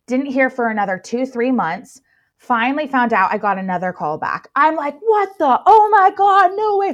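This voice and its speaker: A young woman, a plus-size model, telling her story in a casual interview, gushing and full of filler words. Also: mid-range voice. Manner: gushing, filler-heavy, excitable.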